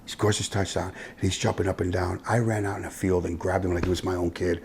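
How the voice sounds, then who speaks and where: A man from Miami with a husky voice and a Miami accent, telling stories bluntly in a casual interview, swinging between loud and hushed. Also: low-pitched, little pitch movement, fast talker, few pauses, slight background noise. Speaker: interview guest, youth football coach. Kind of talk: casual storytelling conversation.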